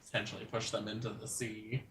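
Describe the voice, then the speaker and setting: A man's voice: fairly low pitch, flat delivery, brisk, pushed and bright, slight background noise. A man playing a tabletop game, making dry jokes. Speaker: player. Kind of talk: casual game chat.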